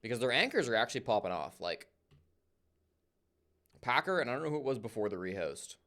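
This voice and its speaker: A man's voice: mid-range voice, sing-song, brisk, pushed and bright. Laid-back man casting a game stream. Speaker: co-stream caster. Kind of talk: casual game commentary.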